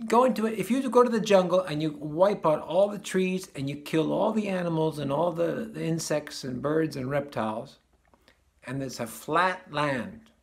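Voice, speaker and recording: Male spiritual teacher, casual talk, slightly high voice, repeats phrases, chuckles often. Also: gravelly. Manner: repeats and restarts phrases, chuckles at his own points.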